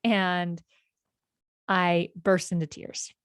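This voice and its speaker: A woman in her forties from California, the host of a podcast, telling childhood stories in a meandering, reflective way with gentle self-corrections. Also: on the low side, level tone, very slow, clean tone, dry recording, clean studio sound. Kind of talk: reflective personal storytelling.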